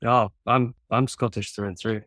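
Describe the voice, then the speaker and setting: Young songwriter with a posh English accent; friendly, casual interviewer, lowish voice, dry sound. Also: male voice, steady tone, normal speed, fairly bright tone, dry recording. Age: young adult. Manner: friendly, chatty storyteller. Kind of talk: casual chat.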